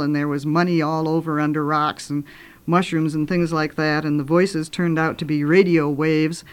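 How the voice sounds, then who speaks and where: An older woman, a radio host and children's author, telling ghost stories in an animated, dramatic way, with sudden loud bursts and hushed turns. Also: deep voice. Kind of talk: storytelling on radio.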